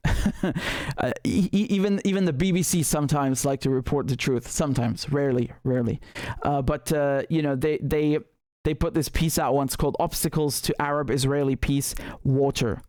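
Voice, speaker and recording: A man's voice: fairly high pitch, moderate pace, a little mellow, no room sound. Indignant man hosting political commentary. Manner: indignant, heated, full of repeats and restarts. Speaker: political commentator, show host. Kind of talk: live political commentary, reading viewer comments.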